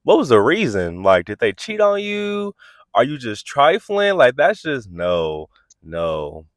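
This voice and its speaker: A man hosts a reality TV recap vlog with quick, sassy asides, his voice leaping up and down as he acts out what people said. The sound is dry and close, with no room echo. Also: mid-range voice, wildly swooping pitch. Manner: acts out quotes in exaggerated voices. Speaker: host.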